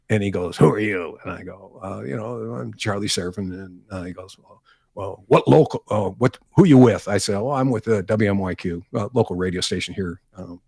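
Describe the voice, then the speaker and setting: A man's voice: on the low side, husky, dry recording, clean studio sound. An older man, a retired newsman, telling anecdotes in a casual interview and acting out the exchanges he describes. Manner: animated anecdotes, acts out quoted exchanges. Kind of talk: casual storytelling.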